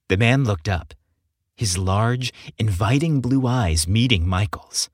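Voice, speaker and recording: A man narrating an audiobook story in a slow, expressive reading. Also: fairly low pitch, no echo, clean studio sound.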